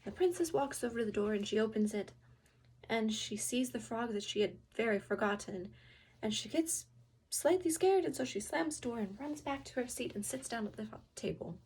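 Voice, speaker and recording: A student storyteller, a woman, reading a fairy tale aloud with expressive delivery and whispered sound effects. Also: fairly high pitch, normal speed, breathy edge.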